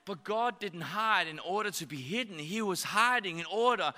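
Preaching a sermon from the church stage, this thirtysomething pastor has a high-pitched, ringing, very bright voice and an expressive delivery at a moderate pace. He playfully performs little voices for his child and for God, and the hall's long reverb trails after every phrase.

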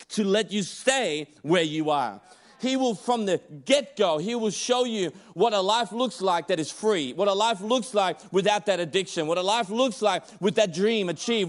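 High-voiced man preaching a sermon. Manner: emphatic, conversational preaching with frequent restarts.

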